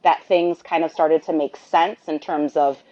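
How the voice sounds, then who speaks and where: Woman rambling thru a story, does the other voices, kinda lowish, dull muffled sound. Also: fairly even intonation, unhurried, mellow. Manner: chatty, rambling, acts out dialogue. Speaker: guest, the host's sister. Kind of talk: storytelling conversation.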